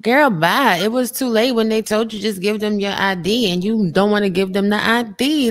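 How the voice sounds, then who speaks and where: A woman's voice: mid-range voice, normal speed. Sassy woman mocking a clip.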